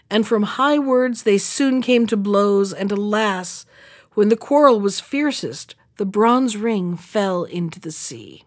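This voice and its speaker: A woman reading a fairy tale aloud, lifting her voice for the characters' lines. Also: measured pace. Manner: expressive, raises pitch for characters' lines. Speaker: storyteller.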